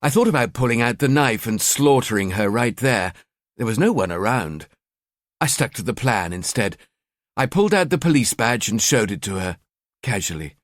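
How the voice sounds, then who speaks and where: A man narrating a crime thriller audiobook in the first person, with a cold, measured delivery. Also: medium pitch, expressive, no room sound, clean studio sound.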